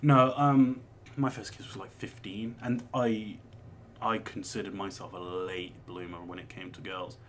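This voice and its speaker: A man's voice: low voice, level tone, unhurried, slight background noise. A man in his twenties, chatting casually as a vlogger answering viewer questions, rambling and swearing as he goes. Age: 20s. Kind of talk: casual chat.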